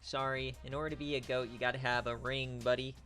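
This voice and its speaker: A man calls simulated college football games live on stream, hyping big plays and ribbing rival coaches in loose slang. His voice is bright and forceful, and faint music plays behind him. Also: medium pitch, fast talker. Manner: excitable, trash-talking, casual slang. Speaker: online dynasty league streamer. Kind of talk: live-stream sports commentary.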